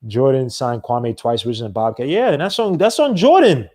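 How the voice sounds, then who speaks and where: Man, podcast host, casual sports talk, animated, rambling, mid pitch. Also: a little fast. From not from the American South. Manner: animated, rambling rant with many restarts.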